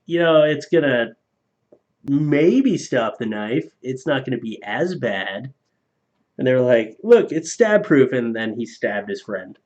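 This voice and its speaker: A man on a casual live stream reading viewer donations aloud, loose and profane, laughing at his own jokes. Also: medium pitch. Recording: slightly dull lo-fi stream audio.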